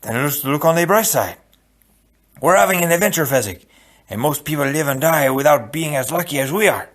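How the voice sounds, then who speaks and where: A man voicing a proud, quick-witted swordsman who speaks with bold bravado in an audiobook reading. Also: fairly high pitch, animated, a bit bright. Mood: wry bravado.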